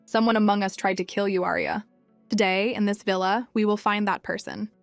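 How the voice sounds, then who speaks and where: A woman's voice: medium pitch, fairly even intonation, a little fast, vocal fry, dry recording, muffled recording, natural voice. A woman voicing an earnest, shy young male henchman who talks plainly and a little flustered, over faint music. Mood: serious. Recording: dry, music faint behind.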